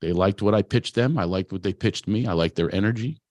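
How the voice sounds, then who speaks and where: This man speaks a little low, confessional and self-deprecating as he tells stories from his own life. His talk is loose and full of restarts, like an unscripted motivational speech. The sound is dry and close, with almost no room in it. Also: fairly quick, darkish tone, no echo. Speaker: producer and speaker at a talent event. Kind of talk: candid motivational storytelling talk.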